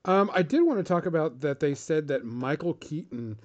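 A man's voice: fairly high pitch, expressive, moderate pace. Laid-back male podcast co-host, easy laugh; muffled lo-fi recording. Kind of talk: casual chat. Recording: dull lo-fi audio.

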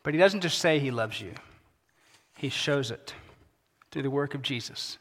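A pastor preaching a sermon in a casual, conversational way, dropping to a soft, quiet voice for emphasis. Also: male voice, medium pitch, expressive, normal speed. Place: church sanctuary. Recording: long hall reverb.

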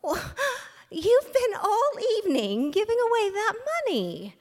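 A woman's voice: very high voice, wildly swooping pitch, measured pace, a little mellow, pitched above the performer's own voice, heavily acted. A woman voicing an anxious young woman who gasps and falters. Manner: gasping, faltering. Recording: long hall reverb, live stage.

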